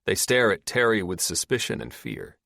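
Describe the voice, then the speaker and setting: A man narrating an audiobook in a steady, measured reading. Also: low-pitched, vocal fry, dry recording, studio quality. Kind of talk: scripted narration.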